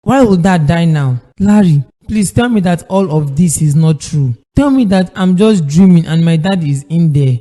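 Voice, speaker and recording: Man playing grieving young son, cartoon, Nigerian accent, high, very dark tone, reverberant. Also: normal speed, hardly any pauses, close to an everyday voice. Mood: distraught. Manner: distressed, pleading. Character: young adult son, emotional and worried. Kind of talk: cartoon voice acting.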